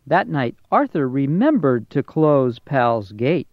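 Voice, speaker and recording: A woman reading a children's storybook aloud, slow, clear and expressive. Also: rumbling low. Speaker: storybook reader. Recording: muffled audio with music behind.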